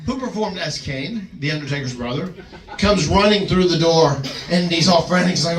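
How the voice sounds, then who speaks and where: A man on a podcast telling an animated wrestling story, chuckling and slipping into other people's voices. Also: a little high, moderate pace, a little hiss or hum. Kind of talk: casual storytelling. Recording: echoey, distant mic, faint background ambience.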